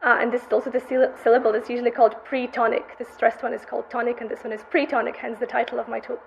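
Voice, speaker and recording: A woman's voice: on the high side, level tone, rapid-fire, creaky, a little hiss or hum. A young woman, a graduate student, presenting her research in a methodical academic conference lecture, heard through a dull, muffled recording. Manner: methodical, explanatory delivery.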